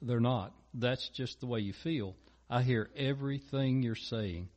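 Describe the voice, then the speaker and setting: A man playing God as a calm, patient listener who reassures softly. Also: medium pitch, a little slow, natural voice. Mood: reassuring.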